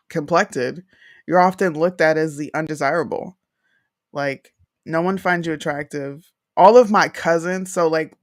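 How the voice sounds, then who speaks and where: Young female co-host, candid and conversational, lively storyteller. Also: deep voice. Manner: frank, animated storytelling, quick asides. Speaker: podcast co-host. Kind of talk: candid casual chat.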